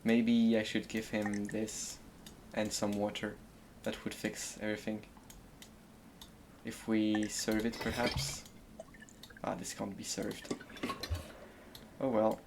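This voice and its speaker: A man's voice: lowish voice, flat delivery, takes it slowly, vocal fry, pauses often, a little mellow, a little hiss or hum. A man with a French accent giving gameplay commentary, thinking aloud and murmuring to himself while he decides. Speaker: streamer.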